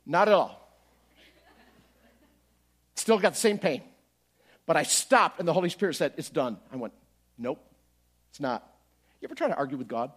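A middle-aged man delivers a storytelling sermon in a high, slightly husky voice. He drops low for confiding asides, then climbs loud and high as he acts out his pleading prayers. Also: brisk, pauses often. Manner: animated, swings from quiet to loud, acts out his own prayers. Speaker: pastor.

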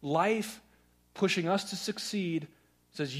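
Earnest preaching man, fairly high voice. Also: normal speed, pauses often. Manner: earnest, swings from loud urging to hushed questioning. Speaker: pastor. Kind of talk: sermon.

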